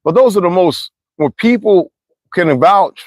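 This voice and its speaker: A man telling rambling, profane stories in a casual monologue, full of asides and sudden swings from low mutters to high exclamations. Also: lively intonation, a little slow, dry recording. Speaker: channel host.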